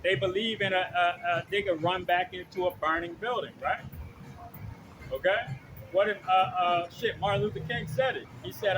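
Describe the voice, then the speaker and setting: A slightly high-voiced man preaches outdoors in a loose, rambling way, reading verses and then breaking into profane asides. He keeps checking in with "okay?" and "all right?". Faint traffic noise sits behind him. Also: moderate pace. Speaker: street preacher. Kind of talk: informal preaching with scripture reading.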